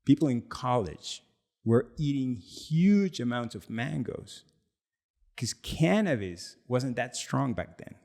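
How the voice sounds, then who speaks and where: An animated man spins a casual podcast story, his pitch swinging widely as he laughs and acts out what others said. His voice has a noticeable gravelly fry, and he sounds relaxed and conversational. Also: slow pace. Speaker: podcast co-host and product founder.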